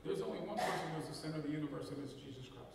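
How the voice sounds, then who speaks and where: A man's voice: on the high side, racing, creaky, background noise. A middle-aged man preaching a folksy sermon as pastor, leading the congregation in call and response. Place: church sanctuary. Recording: echoey hall from far off.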